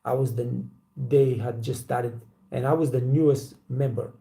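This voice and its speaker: Gravelly blunt man. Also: mid-range voice, fairly even intonation, unhurried, mellow. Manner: blunt, profane, storytelling with acted quotes. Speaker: waiter trainer and channel host. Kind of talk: casual motivational talk to camera.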